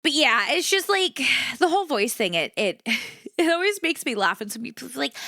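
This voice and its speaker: A young adult woman VTuber chatting casually on a live stream, moving between upbeat energy and a flatter low-key tone. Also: moderate pace, no room sound, studio quality. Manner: animated, shifts between bright energetic and low flat delivery.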